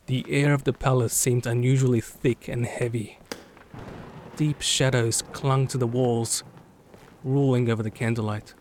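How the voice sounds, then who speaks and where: A man giving scripted, steady and dramatic narration of a story. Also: mid-range voice, unhurried, slight background noise.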